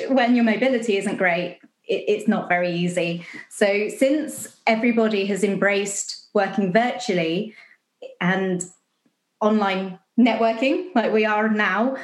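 A young woman from southern England, a guest talking in a chatty, upbeat way with frequent ums over a video call. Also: mid-range voice. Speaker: guest, financial advisor. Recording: echoey room.

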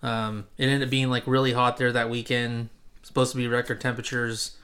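A man hosting a casual podcast, talking at a middling pitch. He rambles along, full of ums and restarts. He is from Central California. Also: little pitch movement, brisk, sharp tone. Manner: rambling, many fillers and restarts. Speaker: podcast host. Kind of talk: casual chat.

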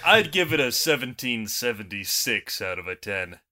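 A man's voice: medium pitch, very animated, normal speed, bright, forceful tone. A man co-hosting a casual podcast, making short, dry jokes. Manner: dry, joking quips. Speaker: podcast co-host.

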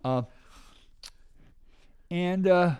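A man's voice: high-pitched, extremely slow, darkish tone, clean tone, lo-fi sound. An older man telling rambling anecdotes as an interview guest, often acting out the voices of people he quotes. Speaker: guest musician. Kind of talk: casual storytelling interview.

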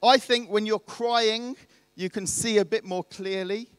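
Unhurried and smooth, with fairly even intonation, a high-voiced preacher narrates a story from the pulpit. His tone is conversational, and he keeps posing rhetorical questions to the audience. The audio is close and nearly free of room echo.

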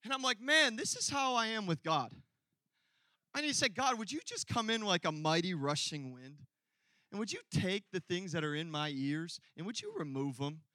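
A male pastor preaching a sermon, telling a personal story and building from quiet asides to loud, emphatic peaks. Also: high-pitched, lively intonation, normal speed, no echo.

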